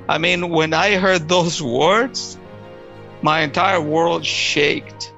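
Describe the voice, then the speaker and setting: A man telling his personal faith testimony, emotional and halting, often restarting his words. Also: on the high side, creaky, bright, forceful tone, muffled recording, faint music behind.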